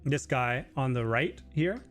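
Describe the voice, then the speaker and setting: A man hosting a casual live Q&A stream, talking loosely with lots of fillers and sometimes mimicking other people in a high voice. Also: lively intonation, measured pace, soft background music. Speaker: livestream host.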